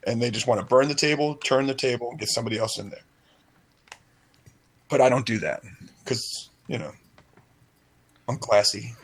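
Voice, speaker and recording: A man's voice: medium pitch, normal speed, long pauses, breathy edge. A man working as a restaurant server, chatting casually on a radio show and acting out bits of dialogue in rambling stories. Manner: frequent restarts and stutters.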